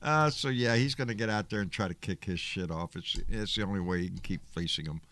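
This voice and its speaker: A man with a Texan accent hosting a casual live online talk show, relaxed and folksy, quick to swear and laugh. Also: low voice, dry recording. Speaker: host.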